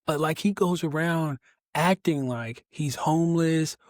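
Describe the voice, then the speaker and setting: A man guesting on a podcast, telling stories in a casual, animated way with frequent laughs. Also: unhurried, no echo, clean studio sound. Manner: animated storyteller who laughs often and jumps to high pitch. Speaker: podcast guest, resilience speaker. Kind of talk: casual interview chat.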